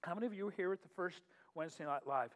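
A man's voice: high voice, racing. A middle-aged man, a pastor hosting a worship night in a church, talking in a chatty, joking way with frequent laughs, then leading a prayer. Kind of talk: casual humorous talk and prayer. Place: church sanctuary. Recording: long hall reverb, faint music.

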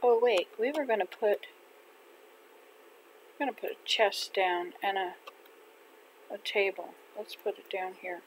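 An older woman from Canada chatting casually to herself while playing a video game, gentle and unhurried. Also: mid-range voice, slight background noise, rough recording. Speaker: gaming channel host. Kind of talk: casual gameplay chat. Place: home in winter.

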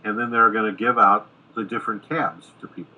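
A middle-aged American screenwriter telling a lively anecdote in a podcast interview, acting out the quoted dialogue. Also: male voice, fairly low pitch, a little fast, slightly rough, narrow, tinny audio. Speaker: screenwriter guest. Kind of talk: casual storytelling in a podcast interview.

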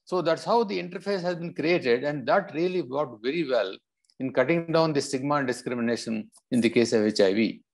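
A man from India speaking as a panelist in a public health discussion, explaining in a measured way. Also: mid-range voice, gravelly.

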